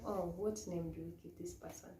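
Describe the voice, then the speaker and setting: A woman's voice: lowish voice, fairly even intonation, a little fast, warm tone. A woman with a Kenyan accent, a pageant model coach, telling a story casually and laughing often, switching into Swahili now and then. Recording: echoey room with faint noise.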